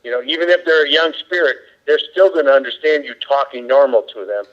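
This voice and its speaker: Man, middle-pitched, ranting emphatically as a podcast guest; muffled lo-fi audio. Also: fast, a little hiss or hum. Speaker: psychic medium guest. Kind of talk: casual podcast chat.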